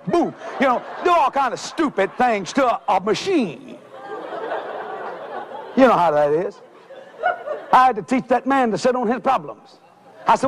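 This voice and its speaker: A man with a Cajun accent, preaching a comic sermon, animated and shouting his punchlines while laughing along. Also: sits high, moderate pace, gravelly, a faint crowd. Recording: live hall with audience laughter and noise.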